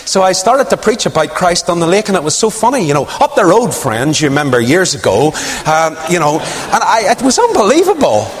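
A man preaching a sermon, telling a story with sudden high swoops of emphasis and hushed low asides. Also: sing-song, a little fast. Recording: long hall reverb.

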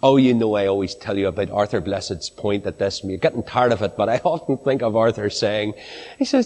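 A man preaching a sermon to a congregation, swinging from high, ringing exclamations down to low, hushed phrases. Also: lively intonation, a little fast. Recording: long hall reverb.

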